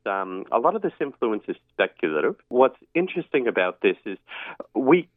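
A man, explaining word origins as a guest in a radio interview, pausing often with um and uh. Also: fairly low pitch, very animated, no echo. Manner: explanatory, with frequent um and uh. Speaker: guest expert on language history. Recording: dry tinny phone line.

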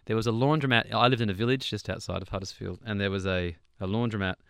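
A man's voice: fairly low pitch, fairly even intonation, quick pace, vocal fry, fairly bright tone, smooth, no echo, clean studio sound. A young man, a songwriter, chatting loosely in an interview with restarts and small laughs. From Australia. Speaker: songwriter guest. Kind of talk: relaxed interview chat.

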